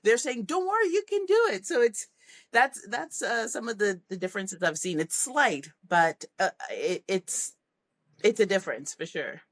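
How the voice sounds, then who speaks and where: A woman's voice: mid-range voice, a little slow. A middle-aged woman, a leadership coach, talking in a conversational interview, animatedly telling stories with plenty of laughs. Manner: animated storytelling, acts out kids' voices, laughs often. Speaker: podcast guest, leadership coach.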